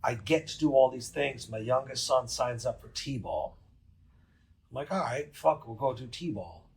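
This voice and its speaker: A gravelly-voiced man, speaking at an average pitch. He tells his story as a podcast guest in a casual, profane and emphatic way. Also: unhurried. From New England.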